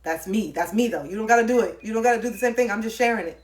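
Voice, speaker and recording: A woman's voice: a little high, rapid-fire. A woman on a livestream giving a blunt, profane motivational talk, repeating points for emphasis and laughing often.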